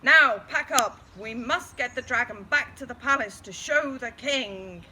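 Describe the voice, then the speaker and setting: A woman's voice: fairly high pitch, a little slow, bright, forceful tone, a little hiss or hum. A woman voicing a bossy, blustering knight who barks commands in a storybook reading.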